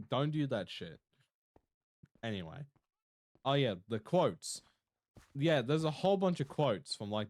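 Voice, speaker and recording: A man streaming live, chatting casually and jokily with his viewers and laughing often. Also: lowish voice. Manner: laid-back, jokey, talks to chat, laughs often. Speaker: Twitch streamer.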